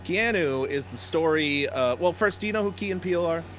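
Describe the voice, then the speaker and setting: A man co-hosting a live game stream, chatting casually and animatedly, his voice leaping up when excited and laughing often. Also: a little high, brisk, slight background noise. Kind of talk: casual chat.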